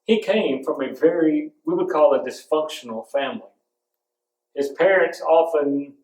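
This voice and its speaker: A man's voice: fairly high pitch, darkish tone. A man preaching a sermon, telling stories and hammering home points with emphatic repetition. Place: church sanctuary. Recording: roomy echo, from a distance.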